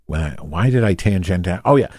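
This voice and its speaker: A man's voice: low voice, lively intonation, fairly quick, darkish tone, no echo, studio quality. A man telling a rambling comic story, crude and sarcastic, often going off on tangents.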